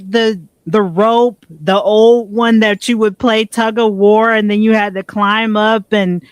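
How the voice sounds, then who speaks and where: High-voiced man on a dry mic. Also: fairly even intonation, slow pace, clear, resonant tone, dry recording. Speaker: podcast guest. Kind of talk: casual podcast conversation.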